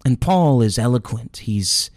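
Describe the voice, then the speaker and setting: A man's voice: medium pitch, expressive, a little slow, darkish tone, no echo. A man preaching an earnest, emotional sermon, often restarting phrases as he builds his point.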